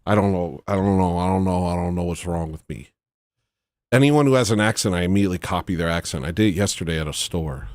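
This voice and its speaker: A man's voice: deep voice, fast, a little mellow, no echo, clean studio sound. A man hosting a livestream, rambling and joking in a self-mocking, comedic rant. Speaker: livestream host.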